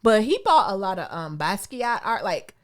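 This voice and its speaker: A woman's voice: medium pitch, normal speed. A woman from Detroit co-hosting a podcast, telling stories in casual, slangy chat and acting out quotes. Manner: animated storytelling, slangy, acts out quotes. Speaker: podcast co-host.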